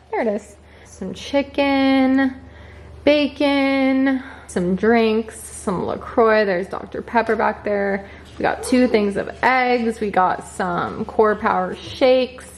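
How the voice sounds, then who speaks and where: A young woman vlogging casually to camera, chatty and a bit rushed, with lots of fillers. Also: fairly high pitch, slight background noise. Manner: hushed and quiet. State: sniffly with allergies. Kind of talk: casual vlog chat to camera.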